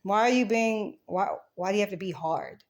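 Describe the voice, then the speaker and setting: A woman's voice: medium pitch, moderate pace. A woman giving a rambling, defensive account of a dispute, swearing often and restarting her sentences.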